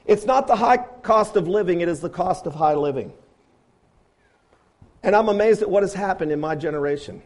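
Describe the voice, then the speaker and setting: A man with a notably high voice delivers a sermon. He presses his listeners with rhetorical questions, rising to loud appeals and then dropping to quiet, low asides. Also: lively intonation, moderate pace. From grew up on a farm. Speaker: preacher.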